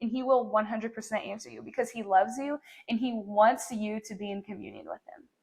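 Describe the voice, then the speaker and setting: A woman's voice: on the high side, a little fast, vocal fry, darkish tone, husky. A young woman hosting a faith podcast, talking in an earnest, encouraging way with lots of "like". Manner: earnest, encouraging, says "like" often. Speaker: podcast host.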